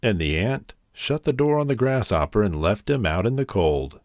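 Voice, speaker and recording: A man narrating a children's fable as a storyteller, with a gentle, expressive reading. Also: on the low side, normal speed, no room sound, studio quality.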